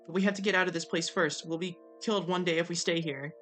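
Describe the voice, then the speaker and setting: A streamer voicing a formal, pompous young gentleman while reading game dialogue aloud. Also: medium pitch, steady tone, quick pace, soft background music, close to an everyday voice. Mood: tender.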